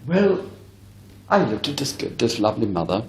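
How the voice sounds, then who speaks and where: A man's voice: mid-range voice, big pitch swings, moderate pace, slight background noise. A man giving a spiritualist lecture as a medium, telling a story earnestly and emphatically to a live audience. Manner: earnest, emphatic, often addresses the audience directly. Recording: echoey hall recording.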